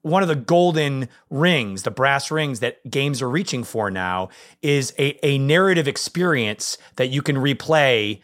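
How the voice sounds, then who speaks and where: A man co-hosting a casual gaming chat show, excitable and rambling, his voice leaping up when he gets animated. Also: medium pitch, a little slow. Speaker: podcast co-host.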